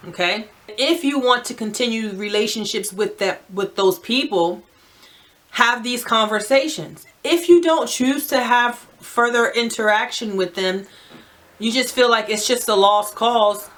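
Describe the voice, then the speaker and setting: A woman from New Jersey with a New Jersey accent, giving emphatic, direct life advice to camera and often checking in with "right?". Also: fairly high pitch. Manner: naturally loud. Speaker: advice vlogger.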